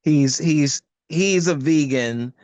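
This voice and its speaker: A man's voice: on the high side, takes it slowly, a little mellow, clear, resonant tone, no echo. An older man, a guest actor, telling stories in a casual interview, rambling and searching for words, laughing often. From United States.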